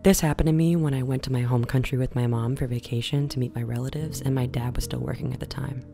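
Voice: medium pitch, steady tone, fast, gravelly, over music. A speaker narrating a personal scary experience from childhood in a matter-of-fact way. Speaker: storyteller. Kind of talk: first-person horror story narration.

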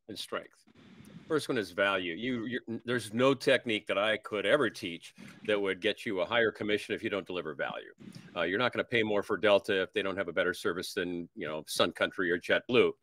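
A man's voice: on the low side, a bit bright, no room sound. A man as a sales trainer guest, teaching in a seminar style. He works through numbered points and explains them with everyday examples.

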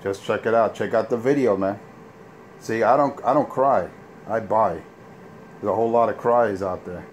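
A low-voiced man in a loose, boastful morning rant, trash-talking and bragging. His voice sits deep, and there is a faint hiss behind him. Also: moderate pace. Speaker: CB radio operator ranting on air.

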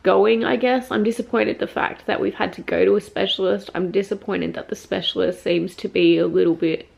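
A woman's voice: medium pitch, fairly even intonation, a little fast, gravelly, darkish tone. A young woman vlogging, upset and frustrated, venting about her week with a teary voice after crying. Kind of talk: casual personal vlog.

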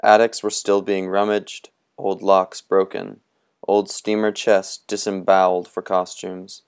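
A man reading a novel aloud in a measured, atmospheric storytelling manner. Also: deep voice, monotone, clear, resonant tone. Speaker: audiobook reader.

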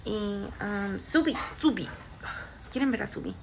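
A woman's voice: mid-range voice, lively intonation, quick pace, creaky, slight background noise. A woman vlogging casually at home, talking to her pets in cooing baby talk.

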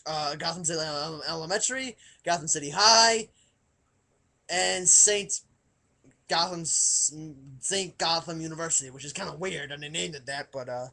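A man playing a nervous, emotional superhero in a comedic monologue, halting and stammering with a gravelly, crying voice. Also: a little high, pushed and bright, exaggerated voice. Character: nervous, weepy adult male superhero on a dating video.

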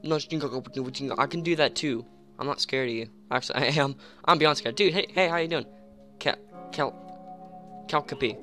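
A young man giving rambling, excitable commentary on a game at home, full of fillers and sudden yelps. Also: mid-range voice, unhurried, soft background music. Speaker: gamer. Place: home room.

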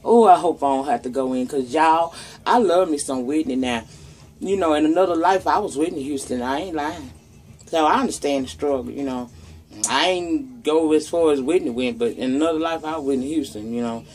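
A woman's voice: low voice, moderate pace, darkish tone. A woman with a Southern US accent runs through the week's celebrity gossip in a casual vlog. She talks loosely and profanely, addressing her viewers directly as y'all. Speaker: vlogger. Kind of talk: casual commentary on news and gossip.

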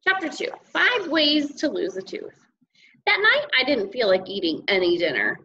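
A woman teacher reading a children's chapter book aloud, animated and giving the characters their own voices. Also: mid-range voice, moderate pace. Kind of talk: read-aloud storytelling. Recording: dull lo-fi recording with faint noise.

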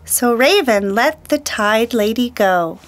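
Wanita pendongeng yang membaca pelan. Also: female voice, fairly high pitch, lively intonation, takes it slowly, faint music behind. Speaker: storyteller. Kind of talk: reading a children's picture book aloud.

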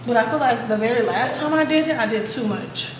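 Slightly high and brisk, her voice fills a chatty home vlog recorded in her apartment. She addresses viewers directly and curses when annoyed, in an echoey space with noise behind her.

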